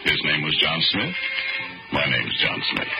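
A man's voice: very deep voice, big pitch swings, measured pace, full character voice, rough recording. A man playing an easygoing working-class New Yorker who tells his story in a folksy drawl, in an old-time radio drama. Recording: old radio broadcast with music bed.

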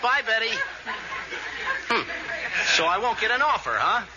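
A man's voice: high voice, big pitch swings, dull audio, a crowd in the background. An actor playing a wisecracking young fix-it man in a 1940s radio comedy. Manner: wisecracking, quick comebacks. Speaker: comic lead. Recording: noisy old radio broadcast.

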